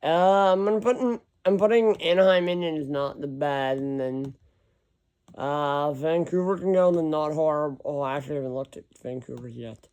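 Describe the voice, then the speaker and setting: A man's voice: fairly high pitch, moderate pace, a little mellow, smooth. A man talking casually to himself and his viewers, reading off lists of teams and often stopping to correct himself. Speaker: hockey vlogger. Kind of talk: casual thinking-aloud commentary.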